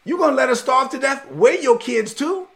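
A preacher puts on a grown son arguing with his father, insistent and exasperated. The voice sits high and gravelly. He talks in a streetwise way as he pleads. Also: lively intonation, moderate pace, a bit bright, heavily acted.

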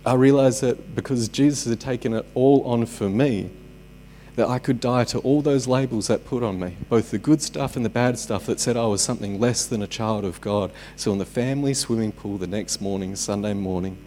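A man's voice: medium pitch, moderate pace, warm tone, slight background noise. Chatty male pastor preaching with humour. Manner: conversational, with joking asides. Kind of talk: sermon. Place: church service.

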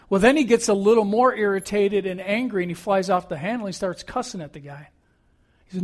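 High-voiced male pastor retelling scripture. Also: expressive, fairly quick, a little mellow. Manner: conversational storytelling. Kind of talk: sermon.

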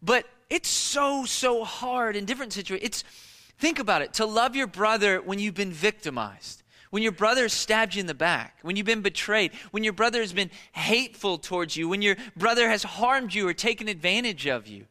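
Young guy pastor preaching, high bright voice, chatty and emphatic, echoey church hall. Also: expressive, moderate pace. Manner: conversational, emphatic, frequent restarts. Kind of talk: sermon.

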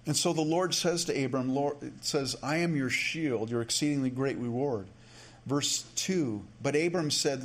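A male pastor preaching a sermon in a relaxed, conversational way, with frequent restarts and asides. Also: medium pitch, moderate pace.

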